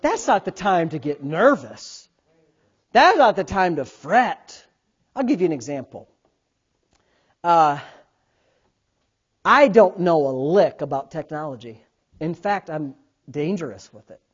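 A man preaching a sermon as pastor, swinging between loud bursts and quiet asides. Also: fairly high pitch, sing-song, unhurried, pauses often, breathy edge. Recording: dull lo-fi sound.

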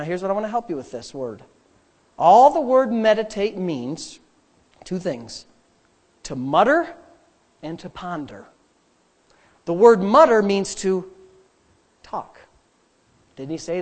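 A middle-aged male pastor delivers a sermon in a high voice. He drives his points home with repeated phrases and shifts between loud emphasis and soft prayer. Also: sing-song, measured pace, long pauses. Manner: emphatic preaching with repetition, dropping to quiet prayer.

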